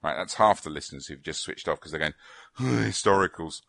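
A man's voice: a bass voice, sharp tone, no room sound. A man co-hosting a podcast in casual chat, explaining things in a rambling, hesitant way with fillers and restarts. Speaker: podcast co-host. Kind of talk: casual chat about tabletop wargames.

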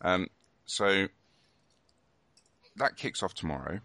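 A man hosts a casual podcast in a low, bright voice. He rambles along with lots of ums and restarts, and his voice sounds close and dry. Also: animated, slow pace, creaky, no echo. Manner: rambling, many fillers and restarts. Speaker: podcast host.

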